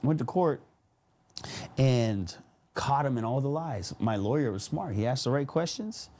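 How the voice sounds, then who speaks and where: A man casually telling a story on a podcast, animated and slangy, often laughing as he talks. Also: medium pitch, a little slow. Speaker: podcast guest.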